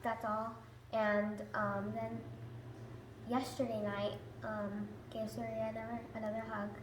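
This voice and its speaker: A woman giving a hesitant personal testimony, halting with many fillers as she recounts what happened. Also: a little high, flat delivery. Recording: roomy echo with faint noise.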